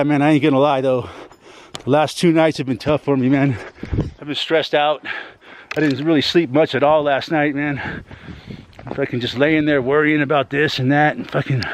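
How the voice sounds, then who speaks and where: A man's voice: fairly high pitch, fairly even intonation, normal speed, a little hiss or hum. A man venting to his YouTube audience in a rambling, heavily profane monologue, ending many lines with "man.".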